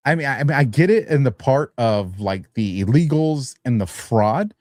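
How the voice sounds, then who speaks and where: A man's voice: mid-range voice, expressive, normal speed, no echo, clean studio sound. A tired man hosting a live-streamed talk show, rambling casually with frequent chuckles and getting heated when he argues a point. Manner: rambling, chuckles between phrases, grows heated and louder when arguing. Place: studio.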